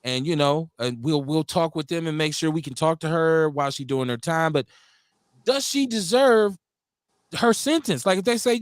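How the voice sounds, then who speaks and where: Animated, profane high-voiced Milwaukee man. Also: normal speed, no room sound, studio quality. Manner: animated, profane, acts out quotes in mock voices. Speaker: radio talk show host. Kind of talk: casual call-in radio chat.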